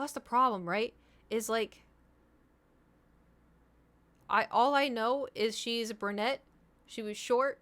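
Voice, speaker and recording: A woman's voice: mid-range voice, a bit bright. A young woman streaming, chatting casually with her viewers, rambling and self-deprecating, trailing off mid-thought.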